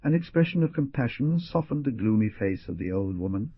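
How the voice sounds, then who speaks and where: A man reading a novel aloud as an audiobook narrator, in measured, descriptive narration. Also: medium pitch, animated, husky, no echo, highs cut off. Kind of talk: scripted narration.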